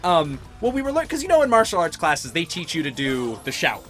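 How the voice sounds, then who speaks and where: A man's voice: fairly high pitch, huge pitch swings, brisk, fairly bright tone, soft background music. A middle-aged man chatting casually while playing a video game, telling rambling stories and laughing often. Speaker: gaming host. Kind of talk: casual let's-play chat.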